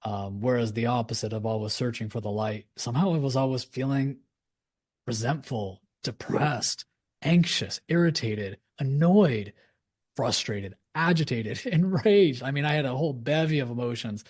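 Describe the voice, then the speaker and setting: Man, guest, earnest, animated, mid-range voice. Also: mid-range voice, normal speed. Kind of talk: reflective conversation.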